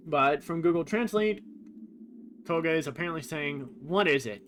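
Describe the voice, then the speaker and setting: A man's voice: high voice, lively intonation, moderate pace, bright, forceful tone, slight background noise. A man streaming a game, casually thinking aloud and reading quoted lines in a plain voice. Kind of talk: casual commentary on a game's translation.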